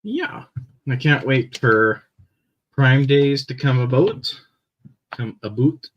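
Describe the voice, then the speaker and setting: A young Canadian man with a Canadian accent chatting casually on a live stream, rambling with many fillers and pauses. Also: medium pitch, sing-song, highs cut off.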